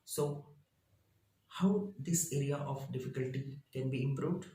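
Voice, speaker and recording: A man, a teacher reading his lesson out slowly in short, halting phrases. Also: mid-range voice, mellow, roomy sound, rough recording. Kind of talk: reading lesson slides aloud.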